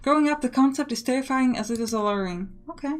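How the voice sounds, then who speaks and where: A woman's voice: high-pitched, quick pace. A woman hosting a let's play, reading the game text aloud and joking about her choices. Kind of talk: casual gameplay commentary.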